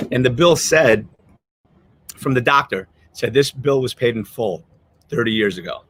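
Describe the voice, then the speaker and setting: Speaking a little slowly with long pauses, a man hosting a podcast shares a story in a rambling, heartfelt way, often restarting and choking up. His medium-pitched voice is a bit bright, and a little hiss or hum sits in the background.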